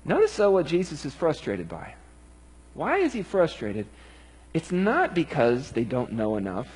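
Husky-voiced man preaching earnestly. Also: fairly high pitch, wildly swooping pitch, unhurried, a little mellow, low-quality recording. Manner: earnest, emphatic. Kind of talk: sermon.

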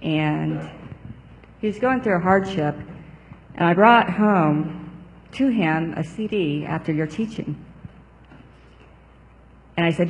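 A man in the audience, his voice slightly raised, shares a nervous, fast-paced testimony. He sounds distant, with a long hall reverb around him. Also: high-pitched. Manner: nervous, quick testimony with fillers. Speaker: audience member.

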